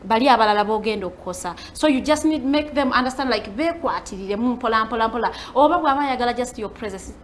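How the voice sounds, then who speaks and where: A woman's voice: on the high side, lively intonation, fast, few pauses, slight background noise. A Ugandan woman chatting as a panelist, reflective and switching between English and Luganda. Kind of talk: casual chat.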